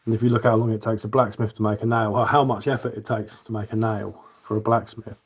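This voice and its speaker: Husky southern english guy, bit of a london twang, rambly casual livestream chat, lots of ums. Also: lowish voice, flat delivery, fast. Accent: southern English with London influence. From south of England. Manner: rambling, easygoing, many fillers and restarts. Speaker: bushcraft livestreamer. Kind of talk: casual live-stream chat.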